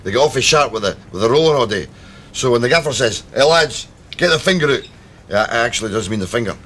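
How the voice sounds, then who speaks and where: A chatty Glasgow worker. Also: male voice, medium pitch, lively intonation, fast, bright, forceful tone. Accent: Glaswegian. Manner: chatty, matey, repetitive. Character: chatty Glasgow barrel-roller, a good-natured mate. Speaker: whisky bond worker. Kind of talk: TV comedy drama acting.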